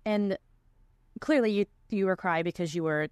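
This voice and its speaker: A woman's voice: mid-range voice, moderate pace, darkish tone, clean tone, dry recording, clean studio sound. A young woman hosting a casual podcast chat, talking loosely with many likes and restarts. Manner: chatty, many likes and restarts, laughs often. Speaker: podcast host.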